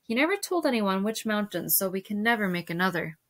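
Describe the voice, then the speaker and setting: A woman reading aloud as a wise old master painter, calm and measured, with quiet scorn. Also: medium pitch.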